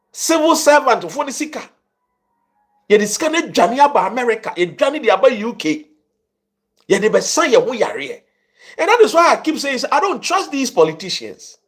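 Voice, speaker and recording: Fiery Ghanaian man ranting, husky voice. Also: extremely high pitch, fairly bright tone. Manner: fiery, indignant, switching between Twi and English. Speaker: commentator. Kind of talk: impassioned political commentary.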